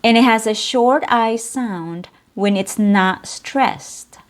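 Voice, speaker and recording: Very slow, careful woman teaching pronunciation. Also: on the high side. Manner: drawn-out model sounds and isolated syllables. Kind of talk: slow, clearly articulated pronunciation lesson.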